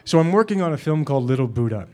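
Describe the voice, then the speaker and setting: A middle-aged actor answering questions at a live Q&A, telling stories in a halting way, full of fillers and restarts and quick laughs. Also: male voice, a little high, sing-song, a little mellow. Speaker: actor and guest at a Q&A. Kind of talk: anecdotal Q&A talk.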